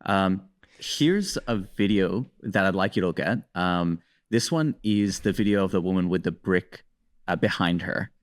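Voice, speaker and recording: Relaxed explaining man, low voice. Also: a little slow. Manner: relaxed and explanatory, says "dude". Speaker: host. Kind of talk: casual chat.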